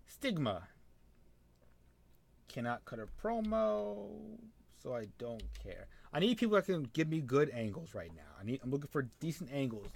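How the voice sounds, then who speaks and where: A man's voice: medium pitch, big pitch swings, normal speed, vocal fry, a little mellow. A young man, casually thinking aloud and muttering as he plays a wrestling management game, talking to the characters on screen. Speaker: gameplay commentator. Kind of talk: casual let's-play commentary.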